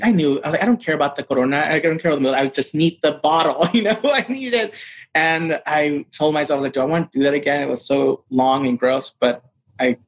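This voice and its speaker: A man telling a personal story in a casual interview, acting out quoted voices with lively shifts. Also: vocal fry, husky. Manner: animated, acts out quotes in a higher voice. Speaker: interview guest.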